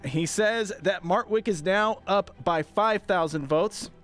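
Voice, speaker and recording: A man's voice: high voice, slow, a bit bright, soft background music. A man co-hosting a political talk podcast in a studio, reading a news segment in a wry, playful way. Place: radio studio.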